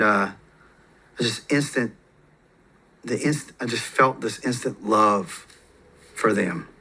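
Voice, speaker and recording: Man telling stories with a bright voice. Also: mid-range voice. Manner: relaxed, rambling, with frequent fillers and restarts. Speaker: podcast guest. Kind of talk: casual storytelling.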